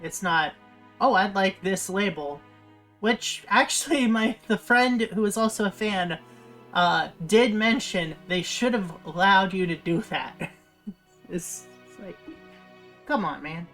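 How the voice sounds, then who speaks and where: A woman's voice: medium pitch, animated, a little slow, a bit bright, soft background music. A young woman chatting casually while she livestreams, rambling with lots of fillers and restarts. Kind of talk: casual chat while streaming.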